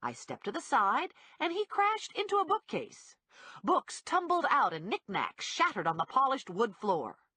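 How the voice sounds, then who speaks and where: A woman reading a comic first-person novel aloud as an audiobook narrator, with a lively delivery. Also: a little high, unhurried, breathy edge, no echo. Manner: lively, wide-ranging delivery with acted character voices.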